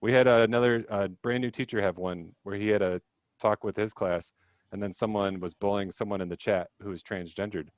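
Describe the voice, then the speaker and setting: A man's voice: lowish voice, fairly even intonation, fairly quick, dry recording. A young man leading a teacher workshop on a video call, talking casually with lots of fillers, self-deprecating asides and acted-out quotes.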